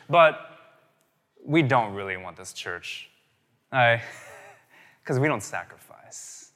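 Man, thirties, pastor, casual storytelling sermon, bright voice, long hall reverb. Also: mid-range voice, animated, slow pace, pauses often. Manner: conversational, storytelling, asks "right?" often. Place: church.

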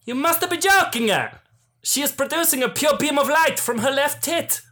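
A man's voice: extremely high pitch, lively intonation, moderate pace, pushed and bright, voice pushed up, exaggerated voice. A man doing an overexcited villain henchman.

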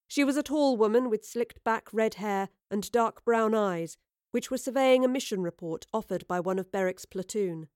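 A woman narrating a story chapter in a measured, clear reading voice. Her pitch sits in an ordinary middle range. The recording is dry and close, with no room sound. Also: darkish tone, no echo. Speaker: audiobook narrator. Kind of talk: scripted narration.

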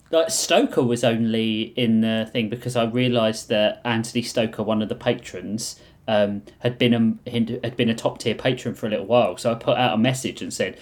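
A man hosting a casual podcast chat, rambling through asides and laughing often. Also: medium pitch. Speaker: podcast host and game master.

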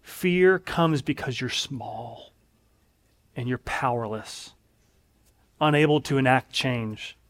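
A man's voice: medium pitch, expressive, takes it slowly, pauses often. A man preaching a sermon in an earnest, emphatic way, leaning on repeated phrases.

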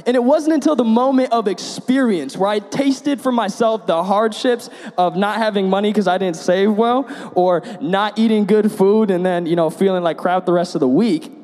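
A young man with a slightly high voice gives a relaxed sermon. He drifts into personal stories and pokes fun at himself. His words trail off into a long reverb from the hall around him. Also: normal speed, few pauses. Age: young adult. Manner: conversational, self-deprecating storyteller. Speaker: preacher.

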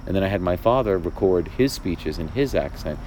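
Light noise runs under the low voice of a male playwright hosting a casual conversation. Thoughtful and halting, he frequently starts over and adds animated asides.

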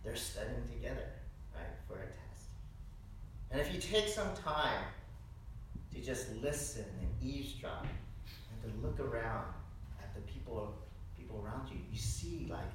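A man preaching a sermon, telling stories in an animated way and often tossing out a rhetorical "right?". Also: mid-range voice, unhurried, long pauses, a little hiss or hum. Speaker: pastor. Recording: echoey hall, distant mic.

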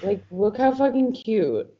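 A woman's voice: medium pitch, animated, measured pace, noisy background. A young woman co-hosting a podcast in casual chat, talking with lots of fillers and constant swearing. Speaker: podcast co-host. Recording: dull lo-fi sound.

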